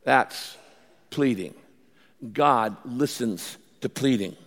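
A man preaching as pastor, animated, acting out pleading prayers and telling stories to his congregation. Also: mid-range voice, takes it slowly, in a large hall. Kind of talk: sermon.

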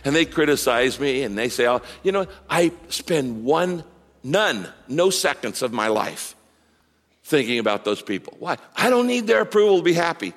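A man preaching a sermon as a pastor, emphatic and animated, with big rises and drops in his delivery. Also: on the high side, moderate pace, big-room sound.

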